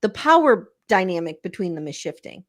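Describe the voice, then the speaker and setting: A woman guest on a casual recap chat, expressive and agreeable, often chiming in. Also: on the low side, brisk.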